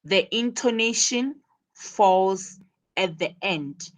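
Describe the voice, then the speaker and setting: A woman teaching an English lesson online, explaining slowly and repeating her key points. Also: medium pitch, lively intonation.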